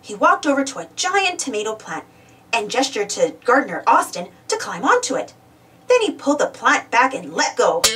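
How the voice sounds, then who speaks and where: Lively woman reading a kids' story aloud. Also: fairly high pitch. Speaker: storybook reader. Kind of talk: children's read-aloud narration. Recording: voice distant from the mic.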